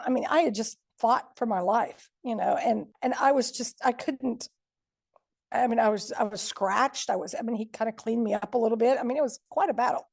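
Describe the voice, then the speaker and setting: A woman's voice: a little high, fairly quick, darkish tone. A woman, a podcast guest, vividly retelling a frightening personal story and acting out the quotes.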